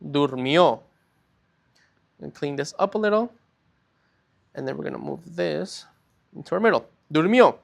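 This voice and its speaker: A man with a fairly high-pitched voice teaching a recorded language lesson. He explains patiently step by step, often slowing down to stretch out key words and checking that his students follow along. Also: lively intonation, creaky. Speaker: Spanish teacher.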